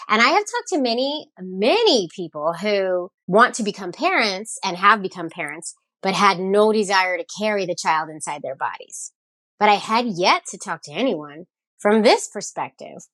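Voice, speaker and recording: A middle-aged woman hosting a podcast in a casual, chatty way, animated and joking with her listeners. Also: on the low side. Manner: animated, jokey, says "y'all". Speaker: podcast host.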